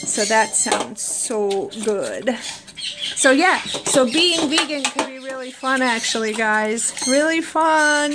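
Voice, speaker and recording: A woman's voice: sits high, expressive, slow, background noise. A woman vlogging with her pets in casual chat, talking into a hand-held phone and cooing baby talk at her birds. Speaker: pet vlogger. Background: birds chirping and squawking.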